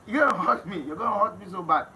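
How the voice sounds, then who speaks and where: Emphatic Nigerian man, laughing, far from mic. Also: sits high. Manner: emphatic, laughs often, swings between loud and hushed. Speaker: interview guest. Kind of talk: casual interview chat. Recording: distant mic with noisy background.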